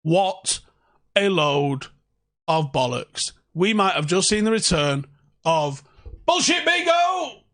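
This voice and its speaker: A man's voice: a little high, slow pace, a bit bright, no room sound, clean studio sound. A young man hosting a casual fan livestream from home, ranting and swearing sarcastically. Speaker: fan channel host.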